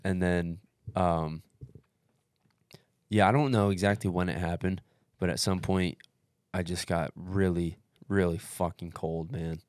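Low, dry-sounding man spinning a profane, animated story in casual chat. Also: unhurried, no room sound. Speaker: podcast co-host telling a race story.

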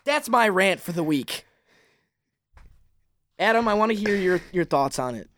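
A man's voice: sits high, lively intonation, unhurried, a bit bright, dry recording. A man hosting a sports podcast, delivering an exasperated weekly rant with frequent restarts. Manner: heated, exasperated, many restarts. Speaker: podcast host.

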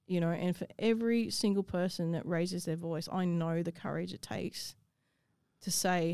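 Aussie woman telling her story straight, swears a lot, smooth voice, dry mic. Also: medium pitch, steady tone, a little fast, darkish tone, no room sound. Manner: blunt, swears freely, emotional storytelling. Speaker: guest. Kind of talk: personal story in interview.

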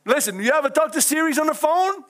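A man's voice: very high-pitched, a bit bright. A man with a Cajun accent preaching a folksy sermon, often breaking into hallelujahs and chuckles. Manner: folksy, exclaims praise God and hallelujah often; chuckles often between lines.

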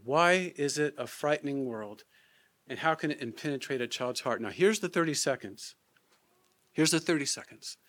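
A middle-aged man preaching, his voice sitting a little higher than most men's. He speaks gently and earnestly and repeats his key lines slowly so they sink in. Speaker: pastor. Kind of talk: sermon.

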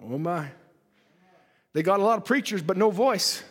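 A man preaching a fervent sermon, reading scripture aloud and rising to shouts at the peaks. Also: sits high, quick pace. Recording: long hall reverb.

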